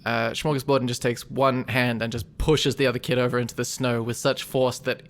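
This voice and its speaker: A man's voice: mid-range voice, level tone, brisk. A man running a tabletop game as game master, explaining rules patiently and laughing often.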